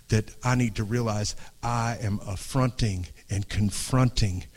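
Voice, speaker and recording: A middle-aged man preaching an impassioned sermon to a congregation, dropping to a hush and then rising, often restarting phrases. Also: medium pitch. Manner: earnest, swings from hushed to raised, restarts phrases. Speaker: pastor. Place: church before a congregation.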